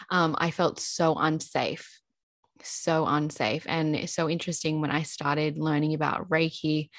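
Low-voiced young woman co-host, dry sound. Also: no room sound. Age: young adult. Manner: reflective, searching for words, laughs softly. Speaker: podcast co-host. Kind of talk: casual chat.

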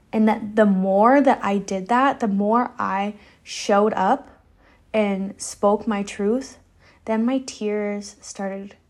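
A young adult woman, voicing her solo podcast with a slightly high voice. She talks in a loose, open, meandering way, full of "like" and restarts as her thoughts unfold. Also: darkish tone. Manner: loose, rambling and candid, with frequent "like" and laughs. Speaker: podcast host.

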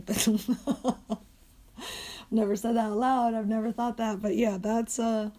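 A woman's voice: a little high, fairly even intonation, moderate pace, warm tone. Profane, rambling young woman podcaster. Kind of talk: casual rambling monologue.

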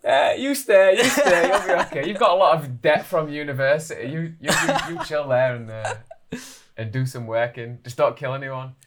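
Man putting on his parents' voices, shrill, loud, high-pitched, laughing mockery. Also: animated, moderate pace, close to an everyday voice. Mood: mocking. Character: his parents, shrill and urging him to stay.

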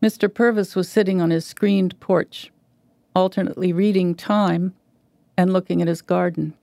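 Woman reading literary fiction; gravelly, dark, dry sound, measured delivery. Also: lowish voice, steady tone, no echo. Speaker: guest reader.

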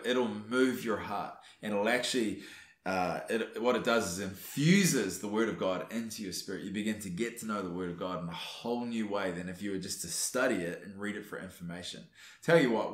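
Man, devotional teacher, earnest and urging, low voice, roomy echo. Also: a bit bright. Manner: earnest, urging, with frequent fillers and restarts. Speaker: Christian teacher.

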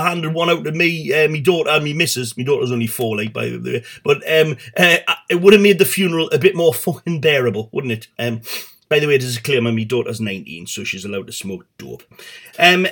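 A man's voice: on the high side, fairly bright tone. A middle-aged man hosting a satirical comedy show, rambling and swearing with stumbling restarts.

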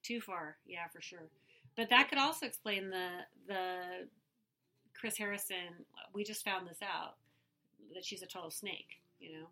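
A woman's voice: on the low side, unhurried, sharp tone. A woman co-hosting a casual podcast, her voice sick, chatty and eager as she recaps a reality TV show. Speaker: podcast co-host.

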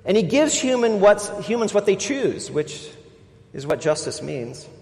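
A man delivers a sermon from the pulpit, his voice sitting a little high and pressing hard on key words before sinking into quiet asides. His words ring out with a long reverb, as if filling a large church hall. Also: big pitch swings, unhurried, gravelly. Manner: emphatic, swings between loud stresses and quiet asides. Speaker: pastor.

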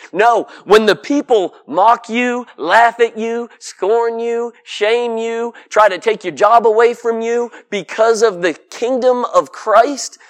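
A man's voice: very high voice, takes it slowly, few pauses. A man preaching a sermon to a congregation in an emphatic, folksy way, piling up lists and asking rhetorical questions.

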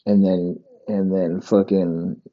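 A man's voice: low-pitched, flat delivery, slow, lo-fi sound. A man hosting a solo comedy podcast, rambling and provocative, swearing constantly. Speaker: podcast host.

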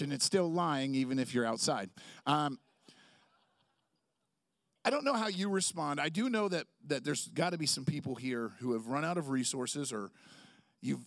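A young man preaching with a high, gravelly voice, telling stories and jokes in a loose, chatty way. His voice is dry and close, with no room echo. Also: a bit bright. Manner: conversational, jokey storytelling with acted-out quotes. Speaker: pastor. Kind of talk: sermon.

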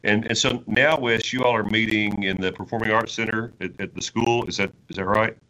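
A man's voice: lowish voice, fairly even intonation, brisk, pushed and bright, low-quality recording. A male interviewer asking a pastor eager, playful questions, often restarting as he goes. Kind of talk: conversational interview.

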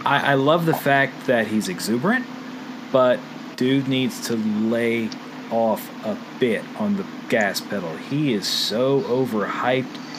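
A man's voice: mid-range voice, slow, noisy background. A man co-hosting a podcast in casual chat, ranting with exasperated complaints. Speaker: podcast co-host.

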